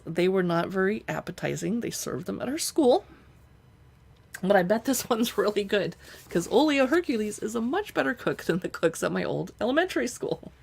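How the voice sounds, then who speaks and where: A woman live streaming as she pages through cookbooks, chatting casually and reading recipe lists aloud as she thinks out loud. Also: mid-range voice, creaky. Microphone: streaming setup.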